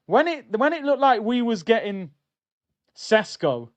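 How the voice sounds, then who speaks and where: A young man hosting a live football watchalong, chatting in slang and getting loud at big moments. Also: very high voice, sing-song, measured pace, no echo. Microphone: streaming mic.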